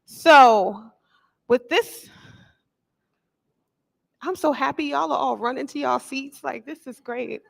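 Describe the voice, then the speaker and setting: A woman's voice: high voice, slow, gravelly, pauses often. A tired woman emceeing a live event on a handheld mic, playful and teasing with a firm motherly edge and folksy slang. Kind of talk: casual live event hosting. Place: event venue with a live audience.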